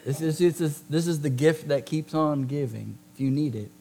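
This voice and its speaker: A man's voice: a little high, vocal fry, darkish tone. Emphatic, joking male preacher. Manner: conversational, joking asides with the congregation; emphatic, slows down to stress key words. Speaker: pastor. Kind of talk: sermon.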